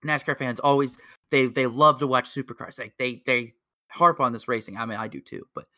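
A man talking on a casual podcast, rambling and excitable, with plenty of filler words. His voice is bright and forceful. The sound is close and dry, with no room around it. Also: mid-range voice, a little fast, no room sound. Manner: excitable, laughs at own jokes. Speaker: podcast co-host. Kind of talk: casual chat.

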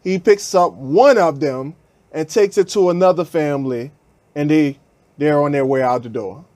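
A man's voice: on the high side, moderate pace, dry recording. A man hosting a podcast, telling a story in a casual, slangy way and acting out what people said. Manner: animated, acts out quotes in raised voices, slangy. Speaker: podcast host.

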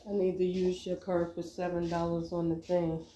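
A woman's voice: fairly low pitch, flat delivery, normal speed, warm tone, slight background noise. A woman making a brief offhand request, heard from far off in an echoey room.

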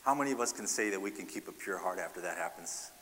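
A man's voice: deep voice, expressive, quick pace, a bit bright, big-room sound, slight background noise. Man preaching with rhetorical questions. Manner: asks the congregation rhetorical questions, repeats "right?". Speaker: pastor. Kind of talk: sermon.

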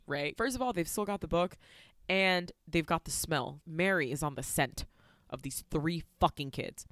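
A woman's voice: deep voice, dry recording. Podcast co-host, female, brash and theatrical, dry close mic. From Latin American heritage. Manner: animated, profane, theatrical retelling. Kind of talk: casual movie recap chat.

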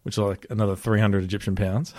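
A young Australian man telling a story in casual chat, animated, swearing often and laughing as he talks. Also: fairly low pitch, quick pace, dry recording, clean studio sound.

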